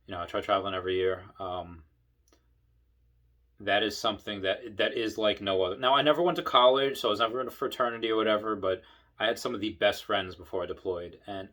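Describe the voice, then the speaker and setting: A man's voice: fairly low pitch, a bit bright. A tipsy man, an Air Force veteran, telling rambling stories to camera in casual, profane talk and acting out other people's lines. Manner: rambling, profane, acts out voices in bursts.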